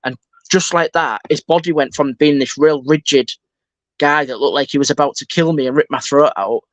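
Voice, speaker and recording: A man, a guest on a podcast, telling stories in an animated way and acting out what people said. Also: fairly high pitch, moderate pace, no room sound. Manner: animated storyteller, acts out quotes. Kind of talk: casual podcast interview.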